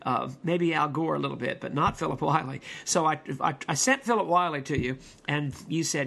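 A man's voice: a little high, fairly quick, vocal fry, sharp tone. A man preaching a rambling, digressive sermon with many fillers, restarts and folksy asides. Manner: folksy pop-culture asides.

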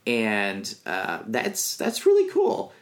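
A man co-hosting a podcast in casual chat, animated and often laughing. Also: on the low side, slow pace. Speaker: podcast co-host.

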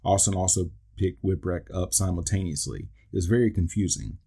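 Deep, dark-voiced man recapping wrestling. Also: brisk, creaky, slightly rough. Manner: dry asides and wisecracks between call-outs. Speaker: podcast host. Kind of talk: play-by-play recap of an old wrestling event.

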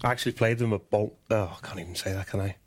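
A man's voice: on the low side, very fast. A man, a former footballer, bantering on a podcast panel, giving quiz clues with chuckles. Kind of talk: casual panel chat.

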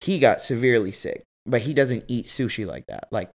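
A young man telling a story in casual, slangy podcast chat, animated and jumping high in pitch when he quotes others. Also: brisk, gravelly.

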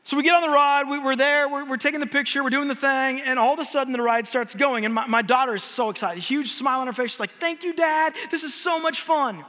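A man preaches with a high, bright voice and tells a story on himself with lively, self-mocking humor. His words ring with a long echo through a large church hall. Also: fast, few pauses. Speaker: guest preacher. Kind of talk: sermon.

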